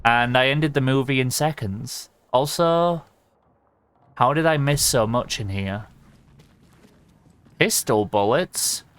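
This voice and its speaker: A man's voice: mid-range voice, takes it slowly, pauses often, fairly bright tone, smooth, dry recording. A young man streaming a game, chatting casually in a rambling, sweary way and laughing often. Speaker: livestreamer.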